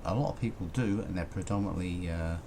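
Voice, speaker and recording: A deep-voiced man hosts a local radio show, rambling through his chat between songs. His voice comes through a noisy broadcast with a hiss underneath. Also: fast talker. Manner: rambling, conversational. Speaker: radio presenter.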